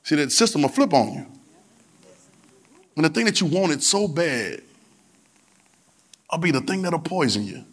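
A man preaching to a congregation with a somewhat high voice. He talks in a colloquial, repetitive way and keeps urging the crowd to answer back. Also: animated, a little slow, pauses often, fairly bright tone. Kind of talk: sermon with call-and-response.

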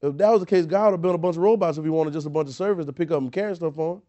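A man's voice: on the high side, rapid-fire, mellow, muffled recording. A man preaching a sermon, emphatic and repetitive, asking rhetorical questions and often restarting his words. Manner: frequent word repetitions and restarts.

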